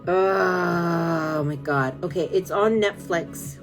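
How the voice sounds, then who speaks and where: A woman's voice: on the low side, slow pace, music in the background. A woman from California, chatting casually on a live stream, rambling and gushing with lots of fillers as she answers viewer comments.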